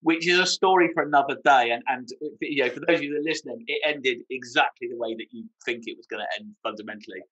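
Quick chatty british guy, bright forceful voice, tells army stories with laughs. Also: medium pitch, low-quality recording. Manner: storytelling with laughs and mimicry. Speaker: podcast co-host. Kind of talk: casual anecdotal chat.

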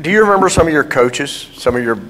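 A man's voice: fairly high pitch, lively intonation, quick pace, a bit bright, a little hiss or hum, rough recording. A man with a Southern American accent interviews a guest with eager, enthusiastic questions. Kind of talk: conversational interview.

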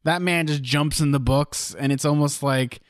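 A man's voice: a little high, moderate pace, dry recording, studio quality. A young man co-hosting a podcast, chatting casually in a rambling way and now and then acting out lines. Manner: rambling, restarts, acts out lines. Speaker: podcast co-host. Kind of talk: casual chat.

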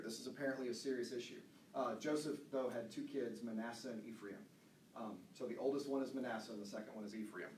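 A man leads a Bible study in a relaxed, chatty way, full of fillers and asides as he reads and explains. His mid-range voice sits well back from the microphone. A roomy echo and faint ambience fill the space around him. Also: medium pitch, far from the mic, a little hiss or hum. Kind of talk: casual teaching talk, reading scripture aloud. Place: church room.

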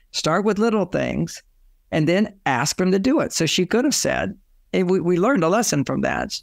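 An older man giving relationship advice through lively personal stories, often acting out both sides of a conversation. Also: high-pitched, gravelly, no echo, clean studio sound. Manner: animated storyteller, acts out dialogue. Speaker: relationship author and guest.

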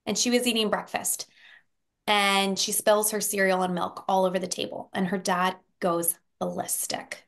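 Animated woman therapist explaining with examples. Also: mid-range voice, normal speed, creaky. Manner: animated storyteller, acts out quoted voices with frequent "right?". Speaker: therapist guest. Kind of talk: conversational explanation on a podcast.

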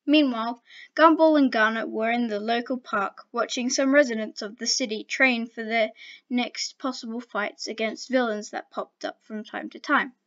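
A woman's voice: a little high, fairly even intonation, normal speed, dry recording. A woman casually reading fan fiction aloud, with playful, laughing asides, in a dull lo-fi home recording.

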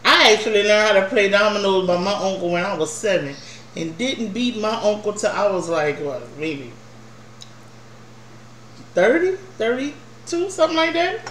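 A woman's voice: mid-range voice, lively intonation, moderate pace, a bit bright, echoey room, slight background noise. A woman co-hosting a casual mukbang chat at home, telling loose, profane stories. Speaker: vlog co-host. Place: at home at a meal table.

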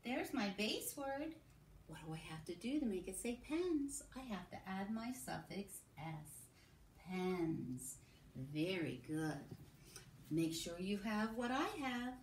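A woman teacher giving a recorded phonics lesson to young children, modelling sounds and sentences slowly. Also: mid-range voice, sing-song, recorded from a distance. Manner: slow, sing-song, drawn-out modelling of sounds and sentences. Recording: echoey room with faint background hum.

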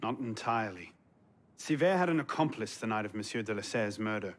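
An earnest young assassin. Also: male voice, on the low side, animated, a little fast. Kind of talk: video game voice acting.

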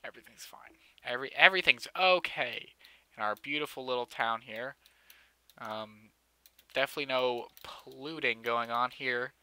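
A young man talks through his city-building game in a loose, joking way, full of dry sarcasm and jabs at himself. His voice is very bright and tight. The sound is dry and close, with no room around it. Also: medium pitch, moderate pace, clear, resonant tone, no room sound. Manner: joking, sarcastic, self-mocking, often laughing. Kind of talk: casual let's-play commentary.

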